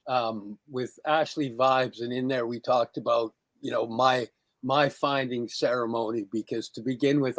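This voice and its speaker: A man co-hosting a podcast, chatting casually in a relaxed, halting, self-deprecating way. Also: medium pitch, no echo. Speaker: podcast co-host. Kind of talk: casual chat.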